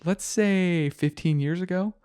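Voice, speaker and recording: A man's voice: high voice, measured pace, darkish tone, clear, resonant tone. A man hosting a casual car podcast, joking and slipping into mock voices. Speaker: podcast host. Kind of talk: casual chat.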